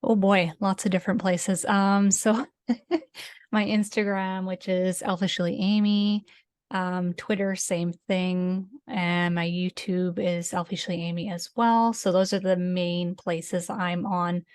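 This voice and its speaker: A woman's voice: lowish voice, little pitch movement, slow, darkish tone, smooth. A woman from Canada, a guest on a podcast, talking in an easygoing way with frequent laughs and trailing fillers. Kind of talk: casual podcast interview.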